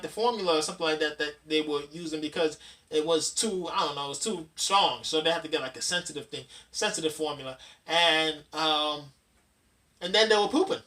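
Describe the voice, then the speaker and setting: Slightly high-pitched, pushed and bright, this man's voice moves fairly quickly with lively intonation as he hosts a laid-back dad-advice vlog in his thirties. He chats and rambles down a countdown list, with frequent fillers and loose restarts. He sounds somewhat distant from the microphone.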